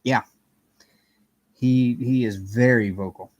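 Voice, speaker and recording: A man's voice: mid-range voice, steady tone, takes it slowly, no room sound, lo-fi sound. A man hosting a casual live stream from his apartment, chatting in a rambling way and greeting viewers by name. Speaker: livestream host chatting with viewers. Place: home apartment.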